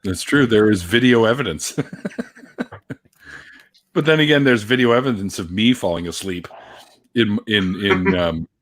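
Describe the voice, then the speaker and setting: A man's voice: fairly low pitch, normal speed, long pauses. A man hosting a casual live-stream chat with friends, laughing often and swearing casually. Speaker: host.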